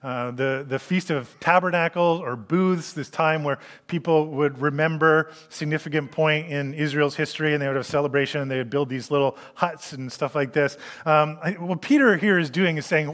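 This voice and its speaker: Animated preacher guy, kinda high voice, long reverb around him. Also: moderate pace. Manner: animated, acting out quoted voices. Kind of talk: sermon.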